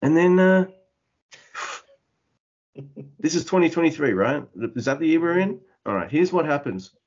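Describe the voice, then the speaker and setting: A man co-hosting a wrestling podcast, recapping a match in excited, profane casual chat. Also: on the high side, fairly quick, slightly rough, dull audio. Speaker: podcast co-host.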